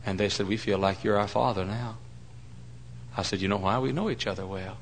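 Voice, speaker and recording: A middle-aged man preaching a sermon, telling folksy stories and swinging between loud mock-pompous lines and hushed asides. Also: fairly low pitch, fairly quick, a little hiss or hum, low-quality recording.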